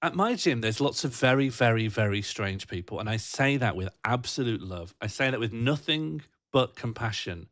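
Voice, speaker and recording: A man's voice: medium pitch, animated, normal speed, few pauses, a bit bright, no room sound, studio quality. A British man hosting a livestream, chatting casually and reading out viewer comments in a rambling, jokey, self-mocking way. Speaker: livestream host.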